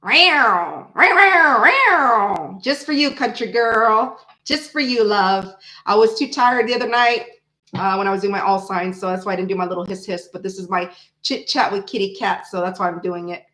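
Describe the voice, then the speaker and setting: A woman's voice: mid-range voice, fairly even intonation, brisk, roomy sound. Brash, chatty woman tarot reader. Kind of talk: live-stream tarot reading with chat.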